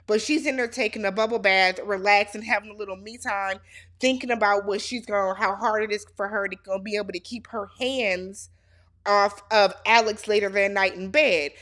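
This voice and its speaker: A woman's voice: mid-range voice, fairly even intonation, moderate pace, a bit bright. Sassy woman recapping reality TV. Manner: sassy, talks straight to the show's cast. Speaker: reality show recap host. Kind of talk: casual show recap commentary.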